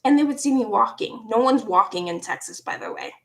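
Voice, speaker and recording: A woman around forty casually telling a personal story, animated, laughing often and dropping into hushed asides. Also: a little high, brisk. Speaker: vlogger.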